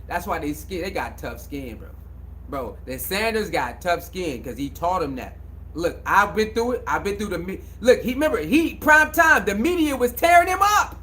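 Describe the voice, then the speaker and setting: Emphatic high-voiced man riffing on sports. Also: a bit bright. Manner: emphatic, repetitive, preachy, slangy. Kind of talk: casual sports commentary monologue.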